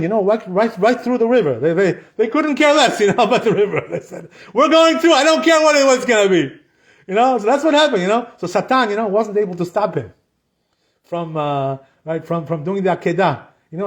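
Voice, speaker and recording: A rabbi telling a Torah story in an animated way, chuckling with many asides. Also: male voice, high voice.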